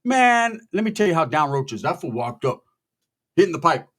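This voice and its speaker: Profane, animated man telling a story. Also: on the high side, normal speed. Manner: profane, animated, quotes people in their voices. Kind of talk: casual storytelling.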